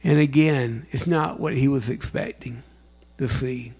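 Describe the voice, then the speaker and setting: Gravelly-voiced man preaching a dramatic sermon. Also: mid-range voice, fairly even intonation, unhurried. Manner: dramatic storytelling with sudden loud bursts and hushed whispers. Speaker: chaplain.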